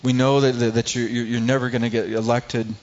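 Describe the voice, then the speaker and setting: A man preaching a sermon, telling a personal story in a halting way, often repeating words and growing quiet at painful moments. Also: medium pitch, flat delivery, a little hiss or hum. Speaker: pastor. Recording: slightly dull lo-fi sound.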